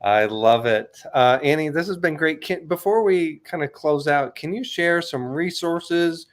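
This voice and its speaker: Friendly podcast host. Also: male voice, on the high side, unhurried. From Tennessee, United States. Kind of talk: podcast interview.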